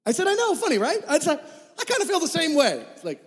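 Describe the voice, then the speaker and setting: Male pastor, storytelling sermon, high voice, lively and animated, heard in a big reverberant hall. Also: quick pace. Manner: animated, acts out dialogue in his story. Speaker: preacher.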